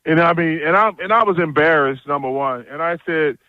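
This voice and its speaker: On a casual phone-in radio show, a man with a slightly high voice chats briskly as a guest analyst, blunt and jokey, telling stories full of restarts. The audio is dull, with no room sound.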